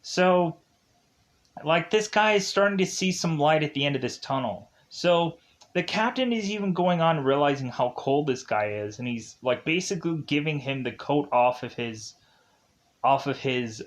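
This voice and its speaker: A man's voice: fairly high pitch, lively intonation, moderate pace. Rambling man retelling a film. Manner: rambling, many fillers and restarts. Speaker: film reviewer. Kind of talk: casual plot retelling.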